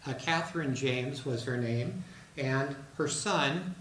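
Male presenter, halting, filler-heavy talk; distant mic in a roomy hall. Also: medium pitch, fairly bright tone, a little hiss or hum. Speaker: speaker giving a talk on an artist. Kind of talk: presentation to an audience. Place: hall in a retirement residence.

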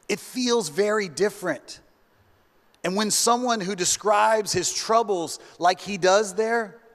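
A man preaching a sermon as pastor, earnest and slow, dropping to hushed tones when he reads scripture. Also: sits high. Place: church sanctuary. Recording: long church hall reverb.

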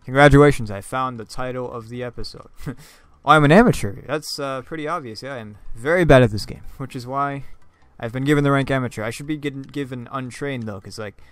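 Guy doing chill game commentary, cracks jokes at himself, smooth clean voice, dry close sound. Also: medium pitch, fairly quick, dry recording. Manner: joking, self-mocking, laughs often; repeats and stumbles over words. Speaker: gaming YouTuber. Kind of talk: casual gameplay commentary.

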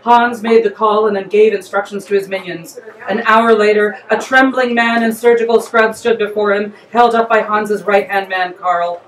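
A woman author reads her comic story aloud with lively, playful energy. Her voice sits in a middle range. It is caught from a distance in a reverberant room, as at a live reading. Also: medium pitch, moderate pace. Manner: lively, playful, breaks into laughter.

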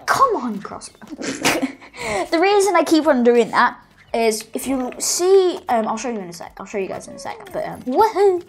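This let's-play host sits high in pitch and talks at a normal speed, gasping and squealing with excitement into a desktop microphone. There's a little hiss or hum on the recording.

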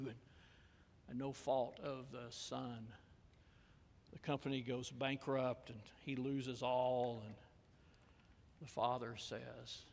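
A man preaching a sermon as pastor in a church, his delivery swinging from raised calls to hushed, near-whispered lines. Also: on the high side, a little slow. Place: church sanctuary. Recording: long reverb of a church hall.

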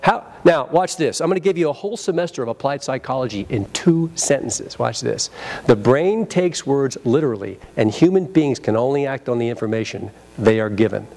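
A man's voice: mid-range voice, a little fast, creaky. A man presenting a live sales training seminar at a convention, acting out phone greetings and drawing the room into call-and-response. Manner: energetic, acts out phone greetings, leads audience call-and-response.

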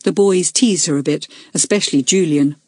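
A woman narrating a children's school story, measured and clear in delivery. Her voice is soft and breathy, recorded close and dry with no room sound. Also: low voice, dry recording. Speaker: audiobook narrator. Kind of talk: scripted audiobook narration.

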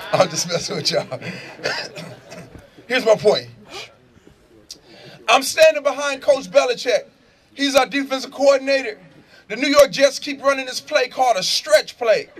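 A middle-aged man, preaching and telling stories loudly to a prison crowd, shouting and laughing in street slang. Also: extremely high pitch. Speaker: motivational speaker. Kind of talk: animated preaching and storytelling. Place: prison gathering space.

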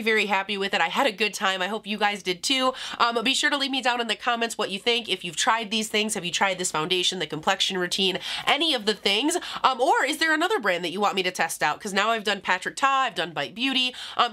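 Young woman beauty vlogger, kinda nasal, bright chatty voice, jokes on herself a lot. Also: medium pitch. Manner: chatty, giggly, self-deprecating asides. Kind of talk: casual makeup review to camera.

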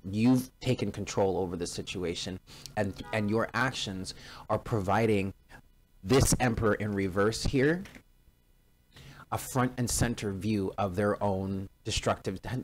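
A man's voice: fairly low pitch, a little hiss or hum, low-quality recording. A man giving a casual tarot reading straight to his viewers, emphatic and given to repeating himself. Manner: emphatic, repeats phrases, addresses listeners directly. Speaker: tarot card reader.

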